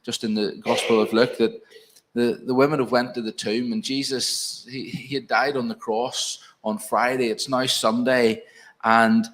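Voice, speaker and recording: A man's voice: mid-range voice, flat delivery, measured pace, a bit bright. A man with a Northern Irish accent preaching an evening sermon in a church, earnest and pastoral, speaking directly to the congregation.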